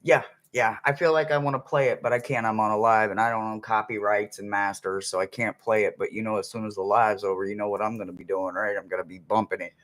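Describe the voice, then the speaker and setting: A man's voice: lowish voice, fairly even intonation, fast talker, hardly any pauses, fairly bright tone, a little hiss or hum. A man chatting casually to viewers on a livestream, rambling between stories and humming snippets of songs. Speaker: livestream host.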